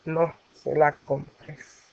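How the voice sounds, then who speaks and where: A woman teacher walks through a grammar lesson at an unhurried pace, pausing on fillers as she explains each step. Her voice sits in a mid range, and the recording is dry and dull, with muffled lo-fi sound. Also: deep voice, flat delivery, creaky, a little mellow, no echo. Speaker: Spanish teacher.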